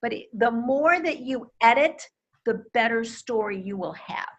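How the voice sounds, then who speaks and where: A woman's voice: on the high side, expressive, a little slow, highs cut off. A woman who works as a communication coach, speaking in an interview and making her points with emphatic examples. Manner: emphatic, quotes vivid examples. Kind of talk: interview conversation. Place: Akron, Ohio.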